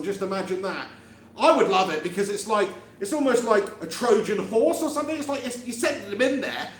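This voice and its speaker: The host of a fan channel, a man whose voice sits high with a fairly bright tone, chats casually on a live fan reaction stream. He laughs a lot and reads viewer comments, speaking into a close-held handheld mic in an empty room with an echoey sound.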